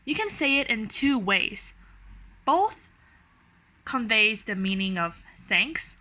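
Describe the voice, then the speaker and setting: Brief: young woman from Taiwan, teacher, crisp bright tone, patient tutorial delivery. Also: fairly high pitch, expressive, slow pace. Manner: patient, demonstrating tones with sung-out syllables. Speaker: language teacher. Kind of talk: explanatory language lesson.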